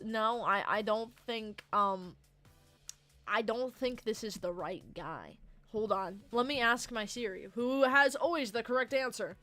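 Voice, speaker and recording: A woman livestreamer chatting casually with her viewers late at night, rambling and easily distracted, with sudden loud bursts of excitement. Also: fairly high pitch. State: tired from the late hour.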